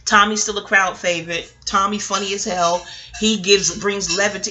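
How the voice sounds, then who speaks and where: A woman's voice: mid-range voice, steady tone, moderate pace, pushed and bright. A woman, rambling through a casual, profane TV recap at home, digressing and laughing often. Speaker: vlogger reviewing a TV episode. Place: home, near a kitchen.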